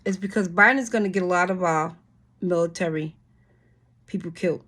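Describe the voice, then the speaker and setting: A woman's voice: on the low side, brisk, fairly bright tone. A woman hosting her channel, reading a bill aloud and cursing at it in exasperated commentary, with frequent sighs and restarts. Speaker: channel host.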